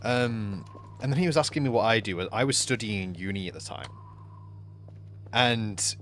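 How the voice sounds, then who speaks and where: A young man streaming a game, chatting casually and rambling through a story with lots of fillers and restarts, sometimes dropping to quiet mumbled asides. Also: medium pitch, animated, fairly quick, long pauses, a little hiss or hum. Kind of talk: casual chat while gaming on stream.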